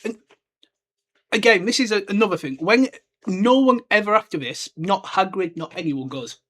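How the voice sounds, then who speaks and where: A man's voice: high-pitched, expressive, moderate pace, fairly bright tone. A young man hosting a podcast, chatting casually and rambling with lots of filler words. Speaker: podcast host. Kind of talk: casual solo book discussion.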